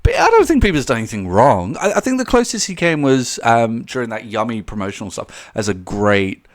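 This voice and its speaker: With a mid-range voice at a slightly fast clip, this young YouTuber delivers animated, rambling vlog commentary. He laughs a lot, mocks the voices he quotes, and fills his talk with fillers and restarts.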